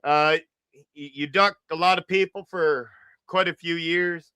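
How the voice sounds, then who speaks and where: A man hosting an apologetics talk show, excited and chatty, repeating his words and teasing. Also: on the high side, measured pace, clear, resonant tone, no room sound, studio quality. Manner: hyped, repeats words, sings along and teases. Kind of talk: excited casual commentary.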